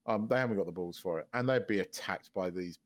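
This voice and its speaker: A man co-hosting a podcast in casual chat, talking in an animated, sweary way and laughing often. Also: low-pitched, fast talker. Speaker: podcast co-host.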